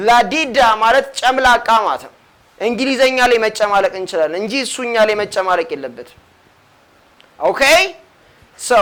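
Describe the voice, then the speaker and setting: A bright, high-voiced woman with an Ethiopian accent runs an English lesson. She keeps drilling short phrases and moving between English and Amharic. She coaxes her learners again and again to answer and repeat after her. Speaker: English teacher. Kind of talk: classroom language lesson.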